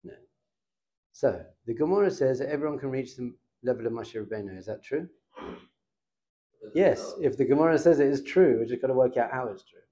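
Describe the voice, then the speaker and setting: Animated rabbi teaching a class. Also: male voice, medium pitch, fairly quick. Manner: animated, conversational, asks the class questions. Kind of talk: informal Torah class lecture.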